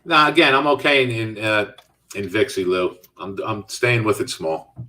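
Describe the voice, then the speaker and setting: A man's voice: lowish voice, expressive, normal speed, pushed and bright, recorded from a distance. A middle-aged man hosting a live trading stream, talking casually and answering viewer chat as he trades. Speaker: stock trading host.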